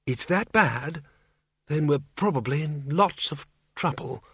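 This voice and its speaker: A man voicing an elderly undead male wizard who speaks slowly, mildly and gently. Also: fairly high pitch, expressive, slightly rough, no room sound, exaggerated voice. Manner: slow, gentle, mild.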